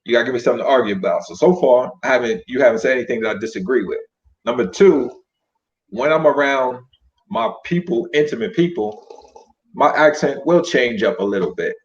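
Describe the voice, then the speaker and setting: A man's voice: medium pitch, expressive, a little fast. A man in a casual online debate, laid-back, counting off his points one by one. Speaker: panelist in online discussion. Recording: dull lo-fi stream audio.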